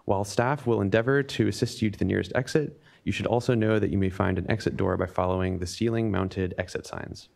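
A man's voice: on the low side, steady tone, fairly quick, vocal fry, few pauses, darkish tone. A man hosting a public seminar, reading safety notes and a speaker introduction from a script with small slips and restarts. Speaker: event host introducing a speaker.

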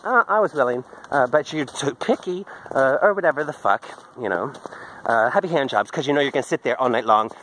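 A man's voice: mid-range voice, fairly bright tone, low-quality recording. An open, talkative man keeps up a meandering video diary as he strolls outdoors, his phone held close. His voice sits in a middling range, and a faint hiss runs under it. He wanders between topics and laughs at himself. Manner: candid, chatty, drifts off topic, laughs a lot. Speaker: video diarist. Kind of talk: rambling walk-and-talk video journal. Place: outdoors on a daily walk in a park. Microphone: handheld phone.

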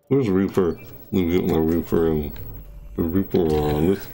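A man giving casual gameplay commentary, excitable, laughing often and yelping high when thrilled. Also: moderate pace, faint music behind. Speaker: gaming video creator.

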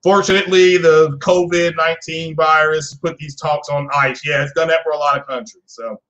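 Male stream host, slightly higher voice, loose rambling chat with viewers, casual gaming-news delivery. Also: steady tone, normal speed, fairly bright tone, low-quality recording. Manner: rambling, chatty, talks to chat viewers by name.

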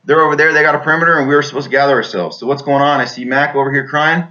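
A man's voice: a little high, steady tone, very fast, pushed and bright. A man telling a personal war story as a veteran, rambling, repeating words, with many fillers. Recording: dull lo-fi recording.

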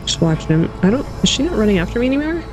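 A woman giving an excitable, panicky let's-play commentary, laughing and gasping as she plays. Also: on the high side, rapid-fire. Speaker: gaming channel host. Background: game music.

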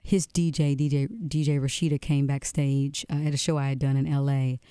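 Woman radio guest, low smooth voice, earnest and halting, dry studio mic. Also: fairly even intonation, mellow, no room sound. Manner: earnest, halting, with many restarts. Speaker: musician guest on radio show. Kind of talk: casual interview storytelling.

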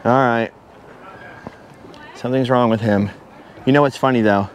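A middle-aged man vlogging outdoors from a high forest walkway, nervous and breathless, laughing at himself and repeating his worries. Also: fairly even intonation, normal speed, pauses often, slight background noise. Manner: jittery and self-mocking, laughs often, repeats himself. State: breathless from nerves. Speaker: travel vlogger. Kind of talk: nervous chatter to camera while walking a treetop trail.

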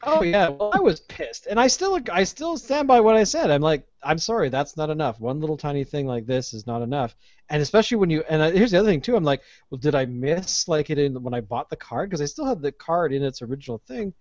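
A man, hosting a casual podcast chat and telling an animated, ranting story with plenty of swearing. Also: a little high, fast, dry recording. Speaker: podcast host. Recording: dull lo-fi podcast audio.

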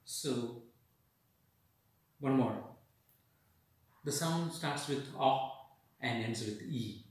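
A man with an Indian English accent teaching English pronunciation, slowly repeating vowel sounds and example words in drills. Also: medium pitch, a little mellow. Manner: slow, repeats each sound and word drills. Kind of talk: accent training lesson. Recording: echoey room, voice far from the mic.

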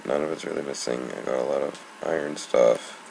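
A man's voice: rumbling low, steady tone, fairly quick, vocal fry, darkish tone. A young man giving casual, annoyed gameplay commentary, rambling and swearing. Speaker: gamer. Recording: noisy home recording.

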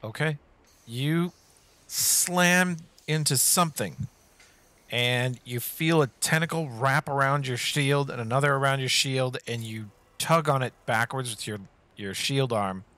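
A man's voice: mid-range voice, steady tone, unhurried, pushed and bright, dry recording. A man running a tabletop game as game master, giving vivid descriptive narration and calling for dice rolls.

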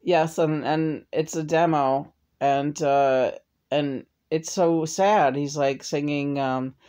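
A woman's voice: low-pitched, fairly even intonation, dark tone. Woman channeling a crude rambling male spirit. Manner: slow, rambling, hesitant, crude jokes. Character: spirit of a dead man, rambling, crude, teasing.

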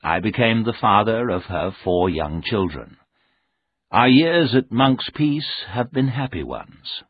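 A man narrating a story aloud in a slow, expressive read. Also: lowish voice, slightly rough, no room sound. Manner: slow, expressive, with lively rise and fall. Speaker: audiobook narrator. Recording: narrow tinny sound.

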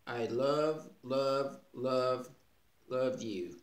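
A man in a casual unboxing vlog, laughing often and talking with gentle, grateful feeling. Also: mid-range voice. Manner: slow, warm-hearted, laughing often, moved near tears. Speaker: vlogger. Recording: echoey room with faint noise.

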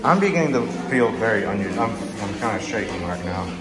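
Excitable rambling man touring an attraction. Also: lowish voice, fairly quick, a loud crowd. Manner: excitable, rambling, self-correcting. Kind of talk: casual running commentary. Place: dim indoor walk-through attraction.

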